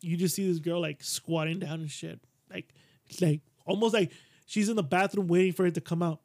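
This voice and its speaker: A man with a notably high voice co-hosts a loose, profane podcast. He rambles through anecdotes, slipping into quoted voices as he retells them. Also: steady tone, brisk, darkish tone. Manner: rambling storyteller, acts out quotes in a higher voice. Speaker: podcast host. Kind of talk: casual crude chat.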